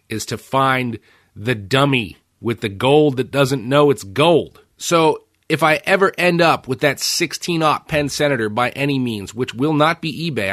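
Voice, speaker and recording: A male podcast host telling casual stories with energy, swearing freely and acting out what other people said. His voice sits at a middle pitch for a man and is recorded dry and close, with no room echo. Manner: animated storytelling with swearing and acted-out quotes. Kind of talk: casual chat.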